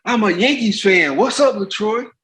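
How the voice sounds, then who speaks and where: A man imitating a famous star athlete, gruff and swearing bluntly, in a raised voice. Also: sits high, expressive, normal speed, fairly bright tone, slight background noise, pitched above the performer's own voice. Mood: brash. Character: grown man, famous athlete, brash and teasing.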